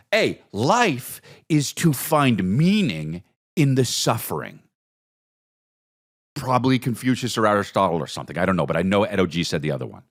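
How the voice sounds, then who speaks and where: Rambling, animated male podcast host. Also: mid-range voice, moderate pace. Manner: rambling, profane, jumps between topics. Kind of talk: solo comedic podcast monologue.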